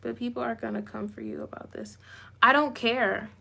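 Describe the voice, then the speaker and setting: Woman vlogger, lively commentary, bright forceful tone, slightly high, emphatic repeats. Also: moderate pace, creaky. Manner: self-described goofy. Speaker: YouTuber. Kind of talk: live commentary reading comments.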